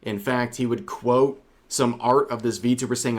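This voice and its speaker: A man's voice: medium pitch, steady tone, unhurried. Sardonic male commentary narrator. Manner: sardonic, wry asides. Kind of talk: scripted drama commentary.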